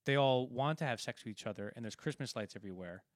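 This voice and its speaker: A man's voice: medium pitch, fast talker, dry recording. A man co-hosting a film podcast, casually retelling movie scenes in a rambling way with many restarts. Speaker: podcast co-host.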